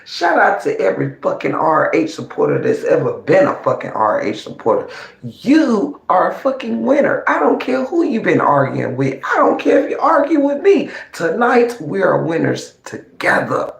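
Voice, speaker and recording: Mocking profane ranter, gravelly voice. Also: mid-range voice, huge pitch swings, normal speed. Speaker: online commentator. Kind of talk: ranting livestream commentary. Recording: roomy echo.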